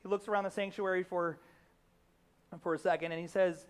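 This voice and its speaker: A young pastor with a slightly high voice delivers a sermon like a relaxed conversation. He leans on fillers and restarts, and slips into quoted characters' lines as he retells a scene. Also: a little fast, clean tone.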